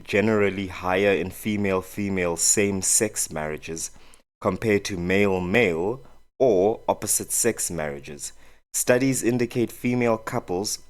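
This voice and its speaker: A man with a South African accent, a podcast co-host talking in a measured, hesitant way and reading out statistics. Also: low-pitched. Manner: measured, hesitant, reads out search results. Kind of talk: casual discussion.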